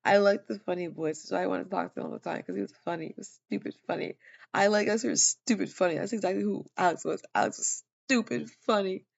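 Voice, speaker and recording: A woman tells a personal story in a loose, rambling way, stopping often on fillers and restarts. She is tired and yawning, and her voice is strongly gravelly with constant fry. The recording is dull and lo-fi. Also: mid-range voice, fast talker. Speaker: vlogger sharing a personal testimony.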